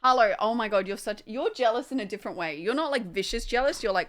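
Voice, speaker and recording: A woman's voice: on the high side, fast talker, few pauses. A young woman casually chatting on a livestream at home, distracted by her dogs, swearing and laughing.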